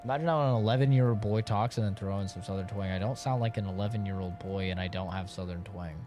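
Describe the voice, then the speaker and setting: A man's voice: deep voice, fast talker, music in the background. A man streaming live gameplay, joking around and swearing playfully.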